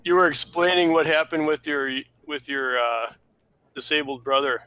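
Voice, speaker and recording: Bright-voiced man asking game questions. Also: a little high, moderate pace, clear, resonant tone. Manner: hesitant, asks rule questions with restarts. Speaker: player. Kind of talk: casual chat at a tabletop game.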